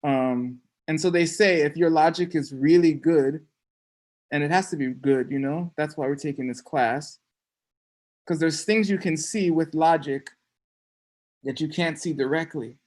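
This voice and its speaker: A teacher giving a relaxed online class, joking often and checking in with "okay?". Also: mid-range voice, a little slow. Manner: playful, joking, frequent "okay?" check-ins. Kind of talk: casual online class lecture.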